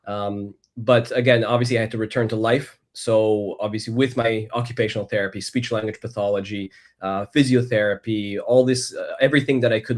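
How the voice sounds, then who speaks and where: On a podcast, a guest from Canada shares his personal history in a medium-pitched voice. His telling is thoughtful and deliberate, broken up by frequent restarts.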